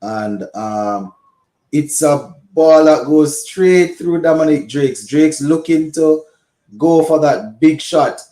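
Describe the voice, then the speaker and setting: A man's voice: a little high, takes it slowly, mellow, roomy sound. A man with a Caribbean accent commentating live on a cricket match for a watch-along stream. He laughs a lot and slips into local Creole.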